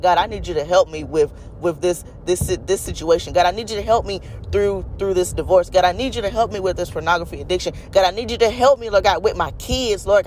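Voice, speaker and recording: Over a little background noise, a mid-range-voiced preacher pours passion into a devotional message. He speaks right to his listeners, saying "y'all" and "you guys," and repeats lines to drive them home.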